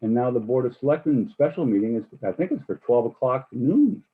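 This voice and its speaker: Husky guy asking questions at a town meeting, lots of stumbling, sounds like a phone line. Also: medium pitch, lively intonation. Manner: halting, many restarts and repeated words. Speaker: board of finance member.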